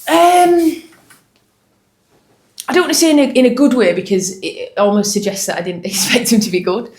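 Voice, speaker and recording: This young footballer from Hull, England speaks with a Hull accent in a slightly high, a little mellow voice at normal speed, in a roomy-sounding space. Answering post-match interview questions, she's chatty and keeps umming and restarting.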